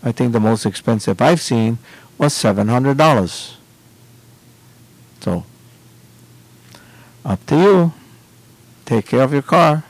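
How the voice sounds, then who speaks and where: A man hosting a radio show and explaining things to listeners in a deliberate way. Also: medium pitch, darkish tone, no echo, poor audio. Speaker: radio host. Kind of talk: radio advice talk.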